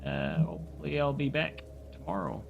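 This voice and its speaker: A man reading a classic novel aloud on a livestream in a steady, measured way. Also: on the high side, gravelly, highs cut off, noisy background.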